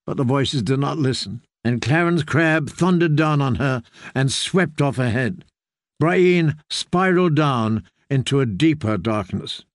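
Man narrating an audiobook, slow and measured, gravelly tone, dry close sound. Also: medium pitch, lively intonation, no room sound. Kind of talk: scripted fantasy narration.

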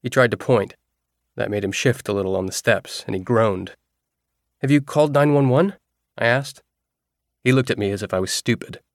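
A man reading a novel aloud as a first-person narrator, in a steady storytelling manner. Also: fairly low pitch, a little fast, no echo, clean studio sound. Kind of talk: audiobook narration.

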